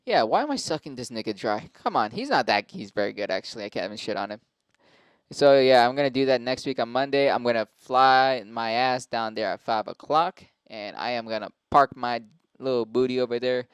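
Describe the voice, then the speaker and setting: A man's voice: mid-range voice, brisk, clean tone, dry recording. A man hosting a show and talking in a casual, rambling, profane monologue, often cutting himself off mid-sentence. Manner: profane, rambling, self-interrupting. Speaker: host and stand-up comic.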